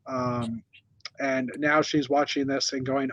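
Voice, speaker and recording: A man's voice: medium pitch, steady tone, normal speed, a bit bright, highs cut off. A man hosting a casual news chat from a hotel room, rambling with many fillers and restarts. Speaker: host.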